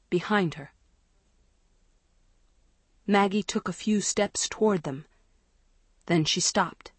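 A woman narrating an audiobook in a slow, measured suspense reading. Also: mid-range voice, breathy edge, no room sound. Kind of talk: scripted narration.

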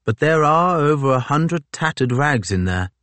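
A man's voice: a little high, animated, normal speed, a bit bright, dry recording, voice pushed up. A man voicing a nervous, earnest naval captain with a slight lisp, speaking eagerly and a bit hurriedly in an audiobook. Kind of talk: audiobook character voice.

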